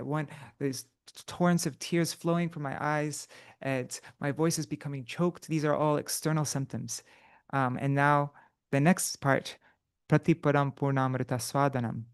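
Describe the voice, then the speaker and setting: A man leading an unprepared live study session, thinking aloud with halting restarts and self-corrections, now and then chanting verses slowly. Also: medium pitch, clear, resonant tone, no echo, clean studio sound. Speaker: teacher of scripture study.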